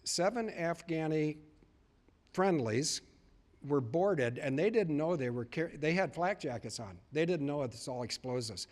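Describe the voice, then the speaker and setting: Slightly high and animated, his voice moves at a measured pace. The man is a public speaker telling stories to a live crowd, earnestly relaying past conversations with emphatic repetition.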